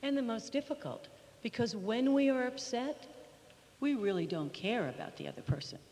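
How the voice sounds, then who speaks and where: A woman's voice: a little high, lively intonation, moderate pace, a little mellow. Direct woman speaking in a reverberant hall. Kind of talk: talk to a live group.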